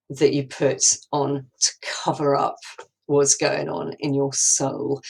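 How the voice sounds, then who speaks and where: A woman with a low voice gives a recorded lesson. She muses aloud and keeps asking questions to draw students in. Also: rough recording. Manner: musing, full of rhetorical questions. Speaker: teacher.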